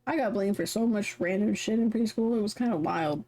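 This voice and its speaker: A woman's voice: mid-range voice, fairly quick, warm tone. A young woman on a live stream, talking casually and animatedly between lines of a game she reads aloud. She swears freely and rambles through stories. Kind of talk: casual chat while reading a visual novel aloud.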